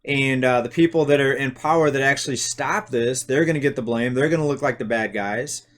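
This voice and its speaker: Male host, casual monologue, relaxed and halting, average pitch. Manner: unhurried, with frequent "uh" and restarts. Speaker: host of an economics channel.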